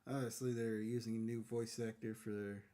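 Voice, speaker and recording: A man's voice: fairly low pitch, level tone, moderate pace, warm tone. A man hosting a podcast in casual chat. He talks in a laid-back way, with lots of hesitant fillers. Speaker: podcast host.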